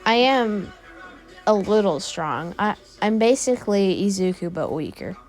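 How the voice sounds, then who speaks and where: A woman voicing a soft-spoken psychic creature. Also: medium pitch, expressive, a little slow, natural voice. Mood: mild. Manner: quiet, mild, matter-of-fact.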